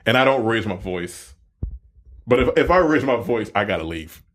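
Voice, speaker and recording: A man's voice: lowish voice, lively intonation, normal speed, fairly bright tone, slight background noise. A man co-hosting a casual podcast chat, talking candidly and reflectively with casual swearing. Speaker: podcast co-host.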